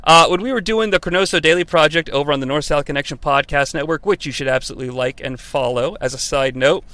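A high-pitched American man hosts a comedic review monologue, rambling, swearing freely and slipping into mock-courtroom formality. His voice is bright and forward, recorded close and dry. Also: quick pace, no echo. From United States. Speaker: host of a wrestling review show.

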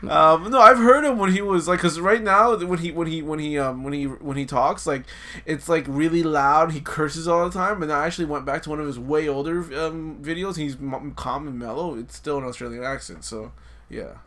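On a podcast, this co-host banters loosely in a bright, forceful, higher-pitched voice at a normal speed. His talk is rambling and profane, with frequent laughter and many restarted sentences.

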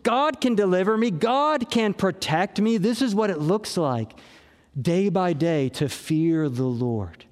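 A man's voice: sits high, lively intonation, slow, long reverb tail. A man preaching a sermon as pastor, earnest and repeating key phrases for emphasis.

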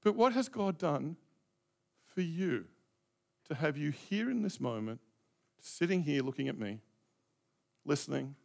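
A man's voice: fairly high pitch, animated, a little slow, gravelly, long pauses. A middle-aged male pastor preaching a reflective, conversational sermon, asking his congregation direct questions.

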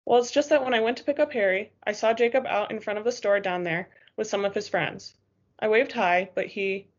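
A woman's voice: mid-range voice, dull audio, lightly acted. A woman reading aloud and voicing a worried, stern middle-aged father who is a police chief, asking blunt questions.

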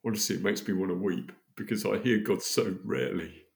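A man's voice: lowish voice, fairly quick, gravelly, hardly any pauses. A man, a podcast guest telling a story in casual chat, acting out the voices of the people he quotes. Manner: animated, acts out quoted dialogue.

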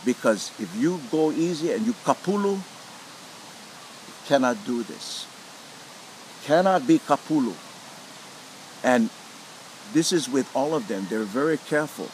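A man's voice: medium pitch, normal speed, slight background noise, rough recording. A middle-aged man with a Hawaiian Pidgin accent, a lomi lomi practitioner telling stories in an interview and acting out quoted voices. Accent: Hawaiian Pidgin English. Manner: animated, acts out quoted voices. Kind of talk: storytelling interview.

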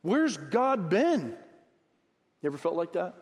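A man preaching a sermon as pastor, acting out Bible dialogue in lively, animated bursts. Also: sits high, measured pace. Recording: long hall reverb.

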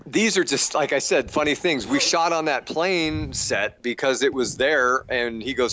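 A man's voice: medium pitch, sing-song, a little slow, fairly bright tone, slight background noise. Profane laughing middle-aged man telling stories. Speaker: actor and producer, interview guest. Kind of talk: casual storytelling interview.

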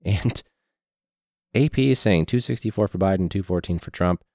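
A man who teaches high school, ranting casually with sarcasm and swearing, his throat hoarse from a recent illness. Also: normal speed, warm tone, dry recording, clean studio sound. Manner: sarcastic, profane, mocking.

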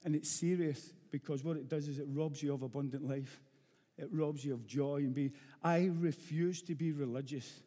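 Rough-voiced Glaswegian preacher in a hall. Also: male voice, a little high, fairly even intonation, moderate pace, dark tone. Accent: Glaswegian Scottish. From Scotland, Glasgow. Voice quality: rough-edged. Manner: blunt, earnest, repeats phrases for emphasis. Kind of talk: sermon. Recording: long hall reverb.

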